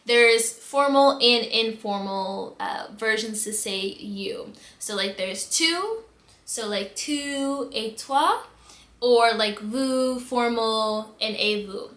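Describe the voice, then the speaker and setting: A woman's voice: a little high, takes it slowly. A woman from the United States telling embarrassing stories in a casual storytime vlog, acting out her own reactions with big swings in voice. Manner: animated storytelling with dramatic replayed reactions. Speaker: vlogger. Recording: echoey room.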